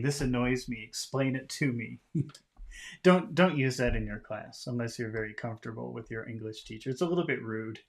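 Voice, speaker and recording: A man giving a casual English lesson, explaining phrases in a relaxed way and often chuckling. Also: medium pitch. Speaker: English teacher.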